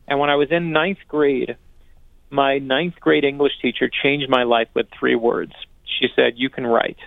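A male author telling stories in an interview, earnest and energetic, often restarting and repeating words. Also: medium pitch, a little slow, gravelly, no room sound. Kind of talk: animated storytelling conversation. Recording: dry, narrow phone-like sound.

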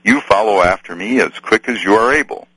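A man's voice: fairly low pitch, brisk, fairly bright tone, breathy edge, no room sound, pitched above the performer's own voice, rough recording. A man voicing a merry old rustic nature spirit in an archival dramatic reading, sing-song and rhyming in old country dialect. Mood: hearty.

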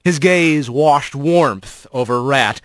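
A man narrating a storybook in an expressive, storytelling way. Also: mid-range voice, slow, dry recording. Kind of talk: audiobook narration.

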